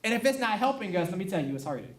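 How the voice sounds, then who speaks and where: High-voiced pastor preaching in an echoey church. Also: male voice, sing-song, racing. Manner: conversational preaching with laughs and acted-out quotes. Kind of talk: sermon. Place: church sanctuary. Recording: echoey room, mic at a distance.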